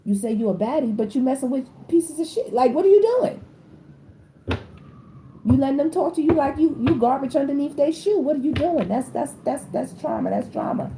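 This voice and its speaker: A woman's voice: brisk, a little hiss or hum. Blunt slangy woman reading tarot. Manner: animated, slangy, blunt, with sudden high-pitched exclamations. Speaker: tarot reader. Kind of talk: casual spoken tarot reading.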